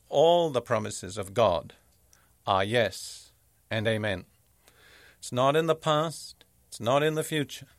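A man delivers a sermon as a Bible teacher, reading scripture aloud and then explaining it point by point. His voice sits in a middle pitch range, and he speaks in a measured, emphatic way. The recording is dry and close, with no room sound. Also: dry recording.

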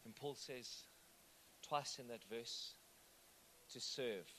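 At a slow pace, a male pastor with a mid-range, slightly bright voice preaches a sermon, with a little hiss or hum audible. He speaks conversationally and often asks his congregation if they follow.

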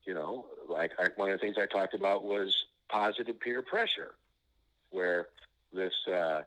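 A man with a somewhat low voice talks as a guest author in an interview. He tells his stories in a loose, rambling way, stopping and restarting his sentences and leaning on "you know" as he goes. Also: measured pace, a bit bright, dull audio. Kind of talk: anecdotal storytelling in an interview.

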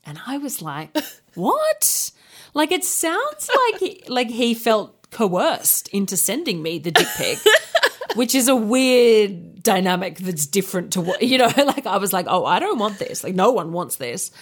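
A woman's voice: medium pitch, very animated, a little slow, husky. A woman, co-hosting a podcast and telling a story in casual chat, candid and laughing often. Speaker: podcast co-host.

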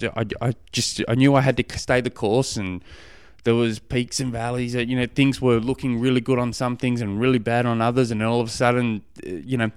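A man's voice: on the low side, smooth, no room sound, clean studio sound. A man hosting a podcast, telling a long personal story in a rambling, self-deprecating way with many restarts. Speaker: podcast host. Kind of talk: casual spoken monologue.

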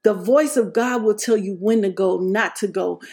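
A woman's voice: medium pitch, darkish tone. A woman preaching a sermon with emphasis, repeating key lines and punctuating them with hallelujah. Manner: slows and stretches words for emphasis.

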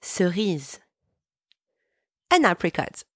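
A woman teaching a podcast French lesson, pronouncing each word slowly and clearly so listeners can repeat after her. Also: on the low side, sing-song, dry recording, clean studio sound. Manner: clear, slow, deliberate pronunciation for repeating. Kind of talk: podcast language lesson with repetition drills.

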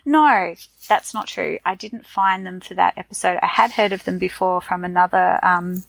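A woman's voice: on the low side, normal speed, gravelly, no room sound, low-quality recording. A woman from Tasmania with an Australian accent, chatting casually as a podcast co-host, rambling with fillers and restarts. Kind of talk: casual chat.

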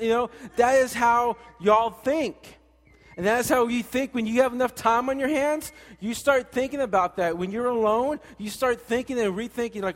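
A young man preaches with loose slang and lively acted-out asides, his voice sitting high for a man. His words ring out with a long reverb, as if he were in a big hall. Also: moderate pace. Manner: animated, casual slang, acts out quoted voices. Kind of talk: sermon.

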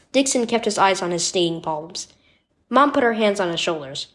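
A woman reading a scripted children's devotional story in an expressive storytelling manner. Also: medium pitch, normal speed. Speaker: devotional reader.

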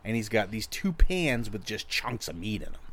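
A man's voice: normal speed, noisy background. A middle-aged man telling a long, profane story in casual chat, often mimicking others. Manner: animated, profane storyteller who mimics others in high voices.

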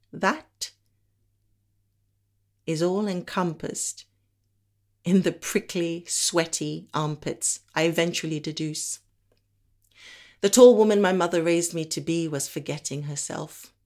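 A woman performing a spoken word monologue from Africa, with a measured, deliberate delivery and slow emphatic pauses. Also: low-pitched, darkish tone.

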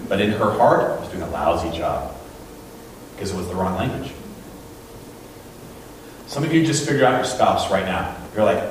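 Guy preaching, acts out the stories, big echo and faint room noise. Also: medium pitch. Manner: animated storytelling, acting out quotes. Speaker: pastor. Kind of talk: sermon. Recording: very echoey room, mic at a distance.

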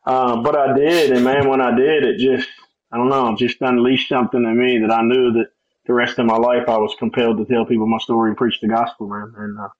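A middle-aged man tells his story in a relaxed, talkative way, slipping into other people's voices as he quotes them and laughing along. His voice sits at an ordinary middle pitch. The recording sounds a little dull and lo-fi. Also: brisk. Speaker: guest sharing testimony. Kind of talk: conversational testimony.

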